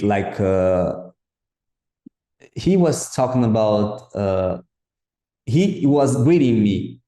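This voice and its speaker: Brief: male host, low warm voice, halting questions, roomy sound. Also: lively intonation. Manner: halting, repeats words while forming questions. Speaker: podcast host. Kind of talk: casual interview. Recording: echoey room.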